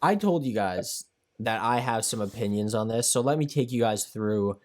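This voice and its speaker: A young man co-hosting a casual podcast, talking at length in an animated, emphatic way. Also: lowish voice, normal speed. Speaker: podcast co-host.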